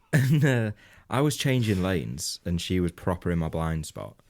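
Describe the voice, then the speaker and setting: A man's voice: low-pitched, very animated, a little slow, darkish tone. A man co-hosting a comedy podcast, telling a rambling anecdote in casual banter, laughing often and swearing freely. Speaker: podcast co-host.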